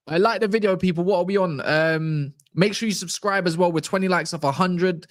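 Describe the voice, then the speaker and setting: A man's voice: high-pitched, brisk, hardly any pauses, no echo, studio quality. A man hosting a football channel, rambling through a casual livestream chat with lots of fillers, swearing and teasing.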